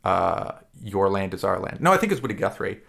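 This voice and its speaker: Podcast co-host, male, low gravelly voice, rambling and profane. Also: big pitch swings, fairly bright tone. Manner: rambling, profane, retells scenes with quick impressions. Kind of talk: casual podcast chat.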